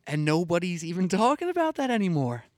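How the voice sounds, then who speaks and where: A man's voice: sits high, sing-song, fast, a little mellow, no echo, clean studio sound. A young man hosting a sports talk show, chatting casually, laughing easily and drawing out his words.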